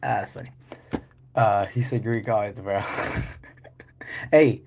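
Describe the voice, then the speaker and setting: A man's voice: on the low side, little pitch movement, unhurried, creaky, darkish tone, a little hiss or hum. A man talking loosely on a livestream, joking and cursing as he answers chat. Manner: loose and joking, curses a lot, chats with viewers.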